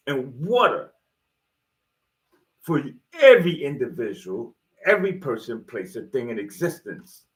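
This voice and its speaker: A motivational video host with a fairly high, bright voice delivers a rambling, preachy monologue in slangy street-style talk, with loose jokes and swearing.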